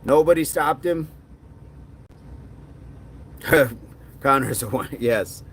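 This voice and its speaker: A man's voice: mid-range voice, expressive, very slow, fairly bright tone, a little hiss or hum. A middle-aged man talks casually on a livestream, reading out viewer comments as he goes. His manner is loose and joking, and he keeps dropping into a mock movie-gangster voice for a punchline. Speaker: livestream host.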